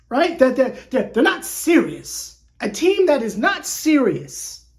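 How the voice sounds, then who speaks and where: A woman hosting a sports fan channel, venting in an animated, exasperated way with lots of stumbling repeats. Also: a little high, measured pace. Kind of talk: casual fan rant to camera.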